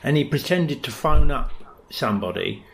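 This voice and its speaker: A man's voice: mid-range voice, lively intonation, moderate pace, gravelly, noisy background. Rambling man telling anecdotes. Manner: rambling storyteller, acts out quotes. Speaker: podcast co-host. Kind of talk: casual chat, anecdotes.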